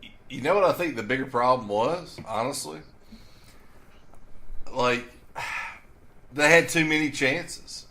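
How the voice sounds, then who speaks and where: A man with a bright, edgy voice rants bluntly about sports and swears freely. His talk is loose, joking and opinionated. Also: mid-range voice, measured pace, pauses often. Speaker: sports podcast co-host. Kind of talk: casual sports chat.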